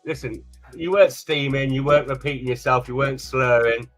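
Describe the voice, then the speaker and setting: Bright-voiced man hosting a stream. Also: medium pitch, a little fast, soft background music. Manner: chatty, teasing, laughs often. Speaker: live stream host. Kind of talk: casual live stream chat.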